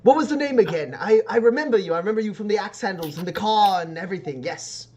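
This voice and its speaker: A man's voice: lively intonation, quick pace. A man doing a chirpy fussy tinkerer. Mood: eager. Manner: high, bright, chirpy put-on voice.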